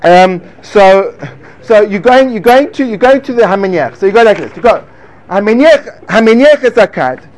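High-voiced man giving a demonstrative lecture. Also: lively intonation, normal speed, a little mellow. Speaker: instructor teaching how to teach Talmud. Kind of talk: mock lecture to a small group.

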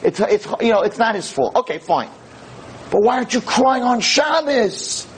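Very high-pitched, with big swings in pitch, this rabbi teaches at a normal pace in an emphatic, impassioned Torah lecture that climbs to near-shouts and mixes in Hebrew and Yiddish words. The low-quality recording carries slight background noise.

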